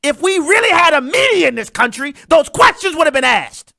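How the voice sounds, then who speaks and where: Animated sarcastic commentary host. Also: high-pitched, fairly quick, creaky, dry recording, clean studio sound. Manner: sarcastic, mocking, talks straight to listeners. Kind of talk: animated political commentary monologue.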